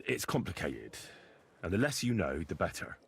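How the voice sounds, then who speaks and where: Husky young game hero. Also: male voice, sits low, sing-song, normal speed, full character voice. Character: young male hero, earnest and persuasive. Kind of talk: game voice acting.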